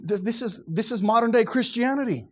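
A man preaching a sermon, animated and dramatic, acting out scenes and swinging from quiet, low passages to shouted ones. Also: a little fast.

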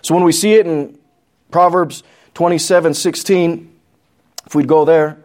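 A fairly high, steady, darkish voice belongs to an adult pastor with a New Mexican accent who talks a little slowly. During his Bible study sermon he reads scripture aloud, breaks it down plainly, and poses questions to the congregation.

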